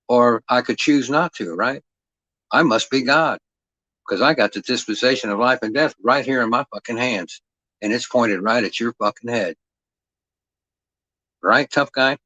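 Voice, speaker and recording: A man's voice: medium pitch, a bit bright, no echo, low-quality recording. A middle-aged man in a profane livestream rant, aggressive and mocking, swearing heavily and throwing out taunting rhetorical questions.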